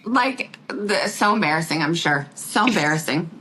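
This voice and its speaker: A woman's voice: lowish voice, normal speed, slight background noise, rough recording. A middle-aged woman chatting as a podcast guest, telling stories with lots of laughter. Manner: laughing, animated storytelling with quoted voices. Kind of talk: casual chat.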